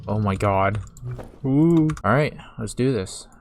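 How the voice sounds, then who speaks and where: A man narrating a survival game run in a casual recap voice, breaking into excited live reactions. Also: fairly low pitch, normal speed, soft background music. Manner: upbeat recap narration broken by excited outbursts. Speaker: gaming video creator.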